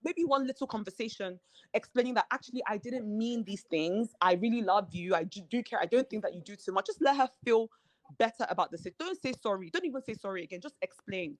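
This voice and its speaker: A woman talks quickly and with feeling in a podcast interview. She acts out what others said as she recounts her story. Her voice is mid-pitched and very dry, with no room sound around it. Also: no room sound. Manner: animated, acts out quoted dialogue. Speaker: reality show cast member guest.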